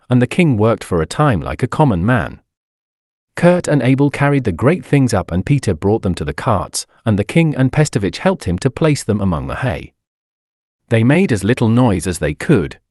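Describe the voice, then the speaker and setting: A man narrates an audiobook with an expressive, dramatic reading. His pitch rises and falls a great deal. He sits close to the mic in a dry recording with no room sound. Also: no echo.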